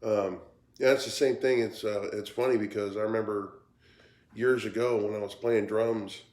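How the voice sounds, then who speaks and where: A man talking casually in a cigar review vlog, tired and yawning, with a halting way of speaking that repeats words. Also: lowish voice, fairly even intonation, a little mellow. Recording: roomy echo.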